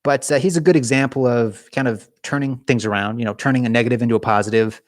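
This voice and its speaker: A man's voice: medium pitch, steady tone, fast, no echo, studio quality. A young man hosting a casual live stream, chatting animatedly with viewers and often restarting his sentences. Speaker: YouTube gaming channel host.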